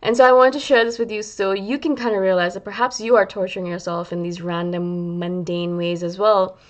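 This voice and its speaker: A woman vlogger talking casually to her viewers, chatty and animated, often adding "right?" and "you know", and acting out the voices in her head. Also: mid-range voice, brisk. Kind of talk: casual talk to camera.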